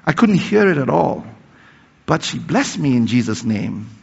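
A gravelly, husky male preacher telling a story in a sermon, rising to emphatic peaks and then dropping to hushed tones. His voice rings with a long reverb in a large hall. The recording sounds dull and lo-fi. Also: mid-range voice, sing-song, a little slow. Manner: retells a story with emphatic rises and soft, hushed passages.

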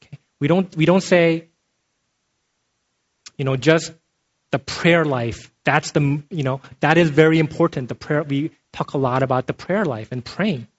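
A man's voice: a little high, measured pace. A man preaching a sermon in a conversational way, often checking in with his listeners by asking "okay?". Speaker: pastor. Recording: dull lo-fi sound.

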